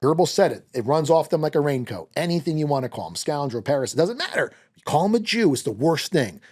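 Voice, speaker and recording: A man speaks as a guest on an interview show, ranting at a rapid clip. His voice sits a little high and swings widely in pitch. He talks heatedly and swears often. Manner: fast, animated, profane ranting.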